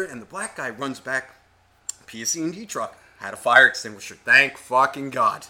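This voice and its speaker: New co-host, bright tone, swears a lot, rambling storyteller. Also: male voice, fairly high pitch, a little fast. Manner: profane, rambling, animated. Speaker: podcast co-host. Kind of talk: casual storytelling.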